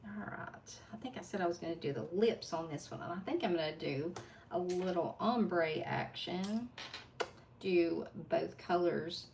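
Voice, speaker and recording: A woman's voice: lowish voice, a little slow, vocal fry, a little mellow, distant mic, slight background noise. A woman with a strong Appalachian drawl who chats casually with viewers while doing her nails at her desk, laughing between asides. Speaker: nail art livestream host. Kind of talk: casual chat while working. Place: home desk.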